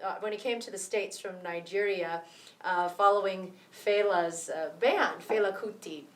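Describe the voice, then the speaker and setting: A woman's voice: mid-range voice, normal speed. A woman explaining rhythm in a drum lesson at a cultural center, counting beats aloud in a friendly way. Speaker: music teacher. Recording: roomy echo, mic far off.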